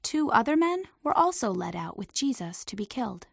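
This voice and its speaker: A woman reading a storybook aloud in an expressive, lively way. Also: a little high, normal speed, gravelly, husky, dry recording, clean studio sound.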